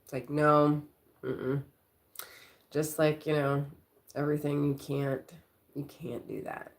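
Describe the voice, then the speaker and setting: A woman's voice: sits low, little pitch movement, slow, pauses often. A middle-aged woman hosting a casual livestream, chatting and telling rambling stories about her daughter. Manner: rambling, chatty, storytelling with quoted voices. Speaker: livestream host.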